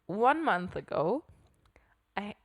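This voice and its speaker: This young podcast co-host, whose first language is German, chats casually in English and often searches for words. Her medium-pitched voice swings widely in pitch, and she speaks slowly.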